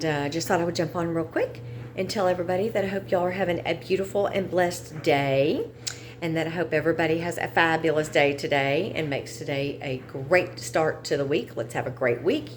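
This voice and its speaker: A woman's voice: low voice, slight background noise. A middle-aged woman, chatting frankly to her viewers in a casual vlog and venting her frustrations. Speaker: vlogger. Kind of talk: casual chat to camera.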